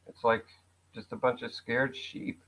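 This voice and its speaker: This man speaks at a measured pace in a medium-pitched, level, fairly bright voice, over dull lo-fi audio with a little hiss or hum. He's an actor and writer guesting on a talk show, keeping the conversation casual, wry and sarcastic while laughing at his own jokes.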